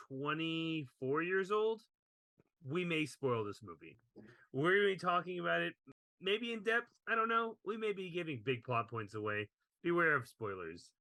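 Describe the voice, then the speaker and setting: Male podcast co-host, easygoing and quick to laugh, bright voice, dry close recording. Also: fairly high pitch, dry recording. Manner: laughs while reading quotes. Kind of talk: casual chat.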